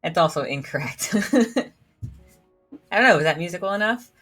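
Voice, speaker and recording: A woman doing a let's play, reading out the characters' lines and joking in a giggly, self-deprecating way. Her voice is bright and a little low, with faint game music behind her. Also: expressive, normal speed. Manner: giggly, self-deprecating, reads dialogue aloud. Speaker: gamer reading all the game's characters.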